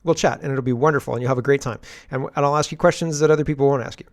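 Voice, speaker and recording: A man's voice: mid-range voice, fairly even intonation, very fast. A man hosting casual political commentary, ranting in an exasperated way and addressing the viewer directly.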